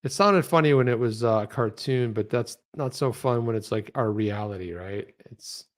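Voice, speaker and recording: A man co-hosts a casual livestream, riffing with sarcasm and breaking into mocking voices for the people he quotes. His voice sits in an ordinary middle pitch, and his delivery stays lively and chatty throughout. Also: moderate pace. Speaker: co-host of a crypto talk show.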